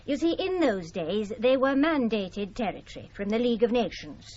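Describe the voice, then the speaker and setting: A woman's voice: fairly high pitch, animated, normal speed, darkish tone. A chatty older British lady. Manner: chatty, patient, mildly condescending explainer. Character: older woman chattily recalling her colonial past. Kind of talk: radio drama acting. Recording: dull lo-fi radio recording.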